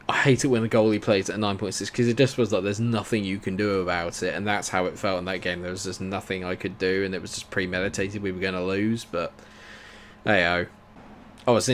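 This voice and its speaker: A man giving live commentary over his own football video game, swinging between frustrated grumbling and excited shouts. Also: lowish voice, a little hiss or hum. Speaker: gaming YouTuber.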